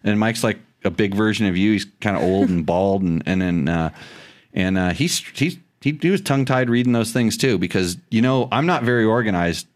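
A middle-aged man with a lowish voice hosts a casual podcast. He rambles in a loose, joking way, teasing his co-host and restarting his sentences often. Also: animated, brisk. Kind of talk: casual chat.

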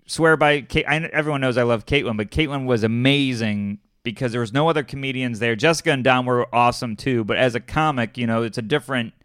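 A man's voice: medium pitch, fast talker, few pauses, fairly bright tone, smooth, no echo, studio quality. A man, a stand-up comedian, telling a rambling story in casual chat, with lots of fillers and laughs.

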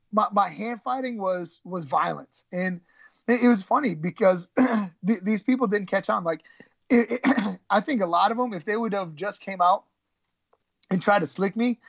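Gravelly man telling his story haltingly. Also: sits high, fairly bright tone, no echo, lo-fi sound. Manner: halting, many restarts and throat clearing. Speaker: guest, former college wrestler. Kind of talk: candid conversational storytelling.

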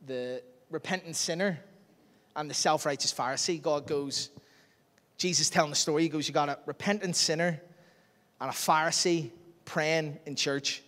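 Male preacher, chatty and self-deprecating, slightly higher voice, long church hall reverb. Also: moderate pace, a bit bright. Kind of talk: sermon.

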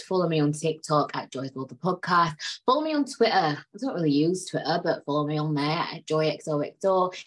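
Husky-voiced woman ranting on her podcast. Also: sits low. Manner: profane, emphatic and repetitive; swings between loud outbursts and quiet asides. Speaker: podcast host. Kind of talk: solo podcast rant.

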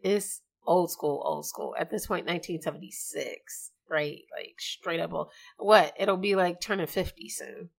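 A woman hosting a podcast in casual chat, talking in a slangy, chatty way with quick asides. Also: lowish voice, gravelly. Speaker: podcast host.

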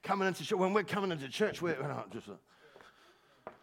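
Gravelly, high-voiced passionate male pastor. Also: big pitch swings, moderate pace. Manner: passionate, rising to shouts, with laughs and repeated words. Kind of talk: sermon. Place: church service.

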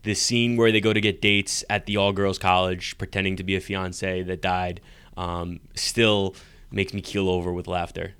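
A man's voice: low-pitched, level tone, normal speed, fairly bright tone, smooth, no echo. A man co-hosting a podcast in casual chat, rambling and laughing as he tells stories. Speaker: podcast co-host.

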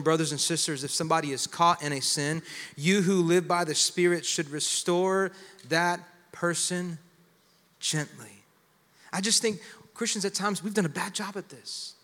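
A man in his thirties, a pastor preaching a sermon, talking conversationally and building to loud exclamations. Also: high voice, in a large hall. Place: church sanctuary with long reverb.

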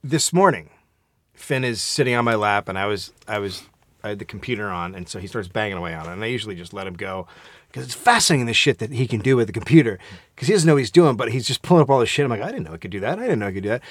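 A man's voice: fairly low pitch, fast talker, fairly bright tone, dry recording. A young man co-hosting a comedy podcast, teasing his partner with profane banter. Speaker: podcast co-host. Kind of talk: crude comedic chat.

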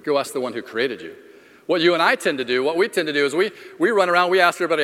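A man's voice: fairly high pitch, animated, racing, a bit bright. Man preaching in a reverberant hall. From Florida. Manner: conversational storyteller, self-deprecating humor. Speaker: pastor. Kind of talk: sermon with personal story.

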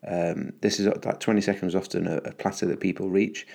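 Upbeat podcast host, very low voice with gravelly fry, rambling and full of ums. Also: male voice, fairly even intonation, brisk, darkish tone. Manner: rambling, upbeat, many fillers and restarts. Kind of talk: casual solo podcast monologue.

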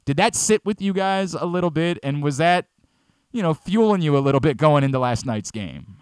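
A man's voice: a little high, lively intonation, moderate pace, clean tone, dry recording. Guy hosting sports radio, blunt and fired up, dry close studio sound. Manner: blunt, heated opinions with emphatic repetition.

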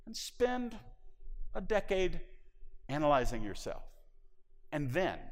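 A male pastor preaching a sermon in an animated, conversational way, acting out little asides. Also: mid-range voice, long reverb tail.

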